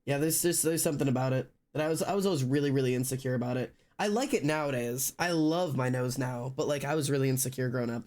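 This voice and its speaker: A man's voice: medium pitch, fast, hardly any pauses, a little mellow. A young man streaming live, chatting casually and rambling with lots of fillers and restarts. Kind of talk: casual chat with stream viewers. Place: indoors at home.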